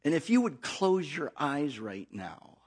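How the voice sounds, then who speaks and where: A man preaching a sermon, reading scripture and calling out to the congregation with slow emphasis. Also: fairly high pitch, very animated, darkish tone, breathy edge.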